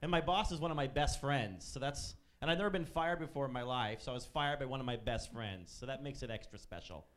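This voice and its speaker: A man in his thirties works a comedy club stage with a sardonic, profane edge. His voice sits at an ordinary middle pitch and he tells his stories with dry bite. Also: brisk, hardly any pauses, a bit bright. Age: 30s. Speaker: stand-up comedian. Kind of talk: stand-up set.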